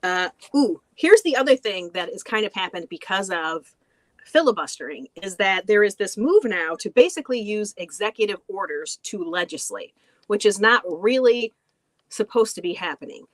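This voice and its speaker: A woman's voice: mid-range voice, animated, moderate pace, no echo, rough recording. A woman hosting a podcast, explaining in casual chat and laughing often. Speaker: podcast host.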